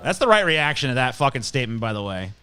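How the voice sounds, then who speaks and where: A man's voice: mid-range voice, very animated, fast talker, sharp tone, clean tone. A male host giving blunt, profane, scornful ranting commentary while reacting to clips and viewer questions.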